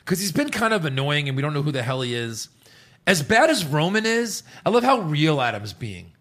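A man's voice: on the high side, sing-song, brisk, a bit bright. A man co-hosting a casual wrestling podcast, playful and riffing jokes with his friends. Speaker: podcast co-host. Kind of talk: casual wrestling recap chat.

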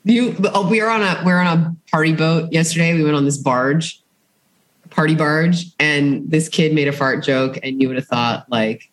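Podcast co-host, mid-pitched voice, talks in rambling, restarting stretches. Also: moderate pace, low-quality recording. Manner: chatty, rambling with many restarts. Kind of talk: casual chat.

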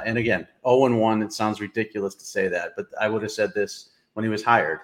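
A man giving blunt, opinionated college football analysis in casual talk, with plenty of fillers. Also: lowish voice. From New England.

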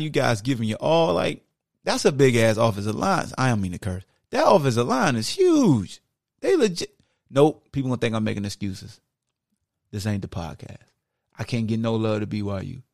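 A gravelly, middle-aged man delivers a fired-up solo podcast rant. He talks straight at his listeners, preachy and animated. The sound is dry and close. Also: mid-range voice, dry recording. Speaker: podcast host. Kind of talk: casual sports podcast monologue.

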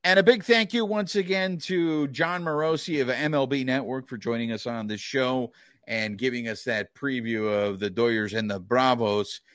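A man's voice: medium pitch, moderate pace, fairly bright tone, no echo, studio quality. A man hosting a sports podcast, chatting casually and sprinkling in Spanish words. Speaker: podcast host.

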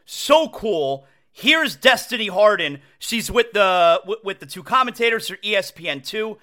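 Hosting a laid-back sports talk show from his home, a man gets excitable, repeating phrases and restarting sentences mid-thought. His voice sits high and moves at a normal speed.

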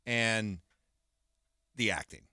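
A man who works as a sports radio host, chatting casually as a guest and chiming in with quick agreement. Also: fairly low pitch, smooth, no room sound, clean studio sound. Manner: quick agreeing backchannel, lively. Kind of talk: casual chat.

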